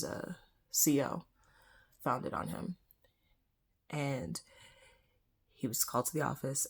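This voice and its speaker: Young woman, low husky voice, candid conversational vlog storyteller. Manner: candid, conversational, frequent soft whispered asides. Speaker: vlogger. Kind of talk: personal storytime.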